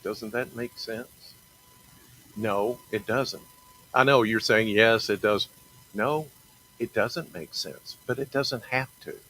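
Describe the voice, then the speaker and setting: A middle-aged man talking earnestly about his faith in a halting, personal monologue, often repeating and restarting phrases. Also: mid-range voice, fairly bright tone, a little hiss or hum, rough recording. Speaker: TV meteorologist sharing faith talk.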